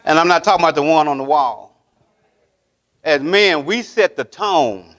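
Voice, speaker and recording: A man's voice: fairly high pitch, lively intonation, moderate pace, fairly bright tone. A man, a pastor, preaching a sermon. He speaks emphatically, repeats key phrases and keeps asking the congregation if they are with him. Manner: preaching with call-and-response questions to the congregation. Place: church sanctuary.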